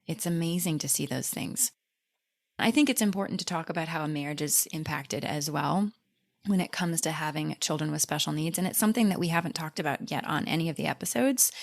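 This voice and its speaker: A woman's voice: deep voice, no room sound, studio quality. A woman hosting a podcast, chatting with her guest in an affirming, conversational way. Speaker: podcast host. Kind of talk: heartfelt interview conversation.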